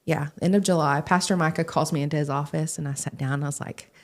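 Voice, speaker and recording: A young adult woman, a young adult pastor, telling stories in a podcast interview, animated and acting out the voices of the people she quotes. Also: low-pitched, fast talker. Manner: animated, acts out quoted voices, laughs often. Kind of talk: casual storytelling in a podcast interview.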